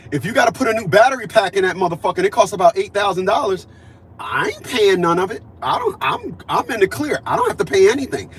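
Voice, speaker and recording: A man's voice: high-pitched, slight background noise. A man in his fifties talking in a casual monologue, emphatic and repetitive, acting out conversations he had. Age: 50s. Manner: emphatic, repeats himself, acts out conversations. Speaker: vlogger.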